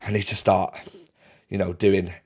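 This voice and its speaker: A man's voice: low voice, little pitch movement, a little slow, darkish tone. A young man, chatting casually as he answers fan questions in a laddish, slangy way. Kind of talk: casual Q&A to camera.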